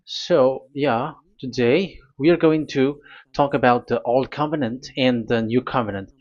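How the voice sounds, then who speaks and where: A man preaching a sermon, speaking in halting, deliberate phrases that break into sudden emphatic bursts. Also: medium pitch, lo-fi sound.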